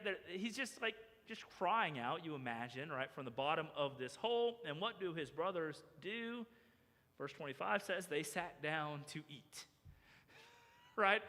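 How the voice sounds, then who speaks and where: A man preaching a sermon as pastor, animated and acting out the voices of the people in his story. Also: a little high, big-room sound. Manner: animated, acts out characters' voices. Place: church sanctuary.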